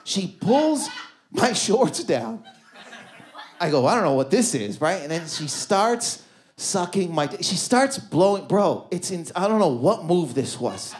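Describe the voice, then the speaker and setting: Doing voices for the people in his stories, a Canadian man delivers animated stand-up storytelling at a comedy club. His voice is high-pitched and his pace slow.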